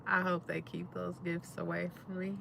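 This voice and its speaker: A woman, telling stories in a relaxed way as she chats to viewers on a live stream. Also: on the low side, creaky, a little hiss or hum. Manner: relaxed storytelling, talks straight to viewers. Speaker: livestream host. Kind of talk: casual live-stream chat while eating.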